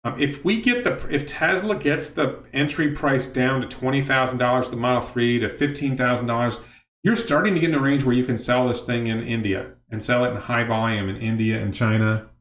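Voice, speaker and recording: A man's voice: mid-range voice, brisk, a bit bright. Middle-aged guy rambling on a livestream, answers chat, keeps restarting sentences, roomy echo. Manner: rambling, self-interrupting, reads chat questions aloud. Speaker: livestream host. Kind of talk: casual livestream talk answering chat questions.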